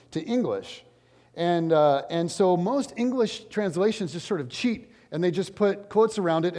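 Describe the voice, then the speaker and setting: A high-pitched man preaching from the stage of a large church, his voice lively and swooping as he slips into casual, joking asides. The long reverb of the sanctuary trails after each phrase. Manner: animated, conversational, jokey asides. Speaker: pastor. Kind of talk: sermon.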